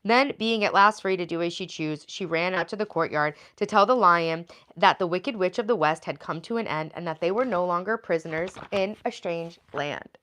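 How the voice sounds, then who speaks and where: A woman's voice: fairly low pitch, normal speed, few pauses, fairly bright tone. Woman livestream host, reads a storybook aloud with chatty, rambling asides.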